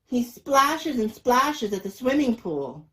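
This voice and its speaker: A man's voice: very high-pitched, very animated, slow pace, sharp tone, voice pushed up, exaggerated voice, low-quality recording. A man doing a smug tattletale little sister. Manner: told-you-so taunting.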